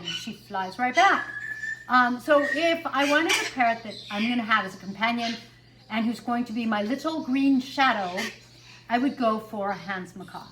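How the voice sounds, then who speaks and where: High pitched woman chatting about her birds, lots of ums, noisy room with squawks. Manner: chatty, with fillers and self-corrections. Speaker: parrot owner vlogger. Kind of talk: casual chat to camera.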